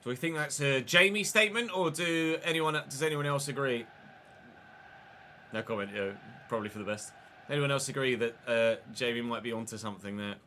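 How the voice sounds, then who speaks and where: A man's voice: medium pitch, a little fast, bright, forceful tone, slight background noise. A young man commentating his football video game live, chatty and thanking viewers by name between plays. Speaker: gaming streamer.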